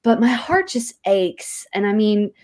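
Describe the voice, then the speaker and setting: A woman's voice: medium pitch, lively intonation, a little slow, a little mellow, lightly acted. A woman as a gushing football mom. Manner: chirpy, gushing, cheer-like. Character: gushing peppy football mom, mother of five. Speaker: guest. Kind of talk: improvised comedy interview.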